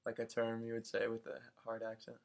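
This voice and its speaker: A man's voice: medium pitch, completely flat delivery, fairly quick, creaky. A young man hosting a casual home interview with his mother, playful and a bit hesitant with fillers.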